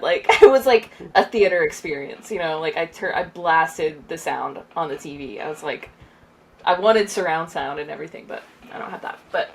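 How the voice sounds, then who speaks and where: A woman on a casual movie podcast, eager and expressive, who laughs often as she describes her reactions. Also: fairly low pitch. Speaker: podcast co-host.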